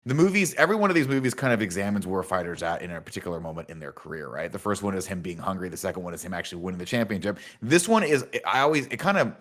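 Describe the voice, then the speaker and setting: An enthusiastic man chats on a podcast about a film he loves. His pitch swings widely as he gets excited. He drops curse words and does quick impressions of the characters. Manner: animated, enthusiastic, profane, acts out movie lines. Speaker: podcast co-host. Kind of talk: casual movie review chat.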